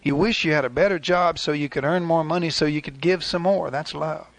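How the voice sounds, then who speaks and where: A man's voice: fairly high pitch, a little fast, no echo. An older man preaching a sermon in a folksy, conversational way, acting out little asides. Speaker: pastor.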